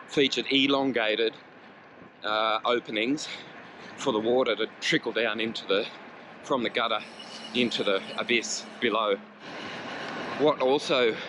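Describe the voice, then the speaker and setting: A lowish-voiced Australian man talks as he rides through the city, loose, chatty and quick to swear. His rants come out sarcastic, and street and traffic noise runs clearly underneath. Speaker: cycling vlogger. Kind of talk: casual ranting commentary while riding. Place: outdoors on a city street, riding a bike.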